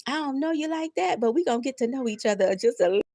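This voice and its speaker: A woman's voice: high voice, animated, quick pace, warm tone, no room sound. A woman in her fifties hosting a live spiritual pep talk, preaching with emphatic repetition and laughing through near tears. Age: 50s. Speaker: tarot reader and live-stream host.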